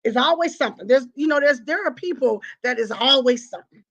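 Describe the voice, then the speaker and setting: A woman's voice: sits high, expressive, brisk, hardly any pauses, a bit bright. A woman, hosting a live talk and preaching to her audience with emphatic, repeated phrases and acted-out confessions.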